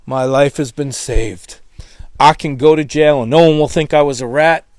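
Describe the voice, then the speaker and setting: A middle-aged man giving a spoken testimony, telling his story in a lively way and acting out the voices of others. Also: fairly high pitch, normal speed, no echo. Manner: animated, acts out quoted voices. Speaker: testimony speaker.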